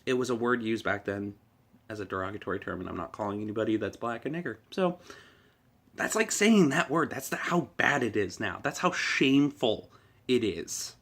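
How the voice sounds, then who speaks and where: A man's voice: fairly low pitch, animated, moderate pace, fairly bright tone. A man vlogging a heated, profane political rant, swearing often and laughing at his own jokes.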